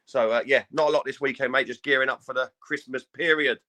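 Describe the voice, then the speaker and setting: Fast-talking British podcast co-host. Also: male voice, mid-range voice, steady tone, bright, forceful tone. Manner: rambling with many restarts and swearing. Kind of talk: casual podcast chat.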